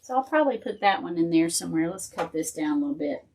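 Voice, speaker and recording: A woman's voice: on the low side, expressive, fast talker, creaky, darkish tone, a little hiss or hum. A woman hosting a casual live crafting tutorial. She thinks aloud as she works and chats with viewers and her dog.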